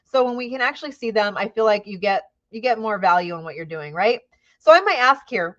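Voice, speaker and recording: A woman's voice: medium pitch, animated, brisk, fairly bright tone, highs cut off. A woman teacher giving an upbeat training talk, often checking in with "right?" and acting out how she questions young students. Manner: upbeat, frequent "right?" tags, models classroom questioning.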